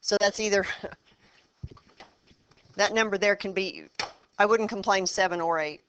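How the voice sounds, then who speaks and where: In this muffled recording, a woman teaches math, quizzing her class and guiding them through each problem step by step. Her medium-pitched voice is a bit bright, clear and resonant, and her manner is brisk and encouraging, typical of a classroom lesson.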